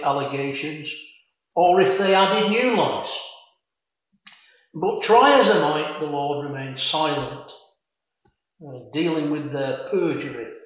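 A man preaching an expository sermon on a Bible passage, measured and reflective, with frequent fillers and quoted scripture in old-fashioned phrasing. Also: a little high, a bit bright. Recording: very echoey room.

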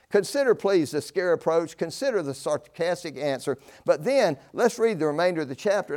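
An older man preaching a fervent sermon, swinging between loud declaring and low, slow emphasis.

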